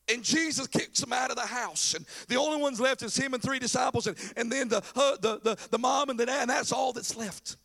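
A pastor delivers a sermon in an animated, storytelling way, slipping into casual slang voices for the people in the story. His voice sits very high for a man and has a gravelly edge. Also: brisk, few pauses.

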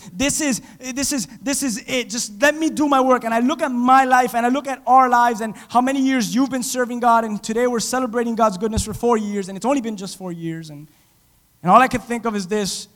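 A man preaching a sermon as pastor, dramatic, swinging from loud to hushed and acting out quotes. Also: very high-pitched, fairly quick, in a large hall. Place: church.

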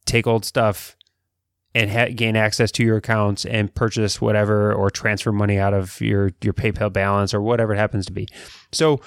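A man's voice: medium pitch, dry recording. Male podcast host, casual, rambling, dry close sound. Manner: rambling, many restarts, chuckling.

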